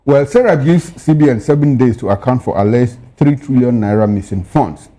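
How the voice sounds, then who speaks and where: A man's voice: medium pitch, normal speed, warm tone. A man co-hosting a newspaper review, reading headlines and dropping pointed, opinionated asides. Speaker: news show co-host.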